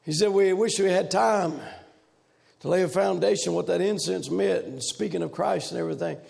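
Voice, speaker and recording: A man preaching a revival sermon in a loud, rhythmic, shouting preaching cadence. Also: sits high, moderate pace, creaky.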